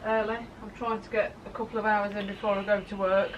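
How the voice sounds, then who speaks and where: A woman's voice: medium pitch, level tone, brisk, lo-fi sound, background noise. A woman chatting casually with her partner, teasing him with dry remarks. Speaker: partner helping with the build. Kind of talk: casual chat.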